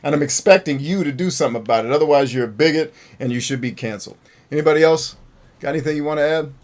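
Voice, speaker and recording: A man's voice: a little high, racing. A man hosting a gameplay stream, joking, rambling and talking to his chat. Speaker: gaming streamer host. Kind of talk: casual gameplay commentary.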